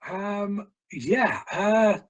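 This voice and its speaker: A man talks through a film review at an unhurried pace. He is blunt and exasperated, filling gaps with "um" and restarts as he picks the film apart. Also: sits high, expressive, low-quality recording. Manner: blunt, exasperated critic with many fillers. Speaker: co-host of a film review show. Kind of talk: casual film review chat.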